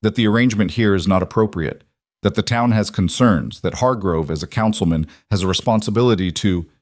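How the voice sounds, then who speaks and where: A man doing a steady, blunt cowboy rancher. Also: on the low side, no echo, clean studio sound, close to an everyday voice. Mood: grim. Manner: measured, firm, plain-spoken.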